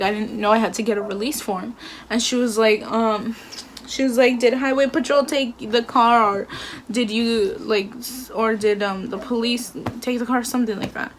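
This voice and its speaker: Brief: young woman vlogger, slightly high voice, rambling storytime delivery heavy on fillers. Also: a little hiss or hum. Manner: chatty, filler-heavy retelling with acted quotes. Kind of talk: casual storytime.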